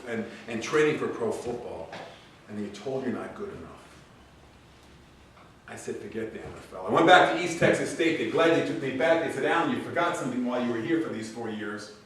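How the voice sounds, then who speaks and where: A middle-aged man giving a graduation speech, an animated storyteller who acts out the people he quotes. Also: mid-range voice, brisk, a little hiss or hum. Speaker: commencement speaker. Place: large event hall. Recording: echoey hall, voice from far off.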